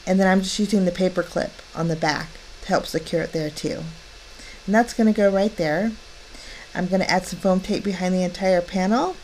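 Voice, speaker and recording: A woman's voice: on the low side, darkish tone, a little hiss or hum. Cheerful woman narrating a card-making tutorial. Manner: chatty, step-by-step, delighted.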